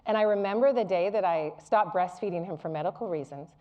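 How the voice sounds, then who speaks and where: A woman's voice: on the low side, quick pace, highs cut off. A middle-aged woman giving a public lecture to a live audience, candid and humorous as she tells personal stories. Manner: candid, humorous, animated storytelling.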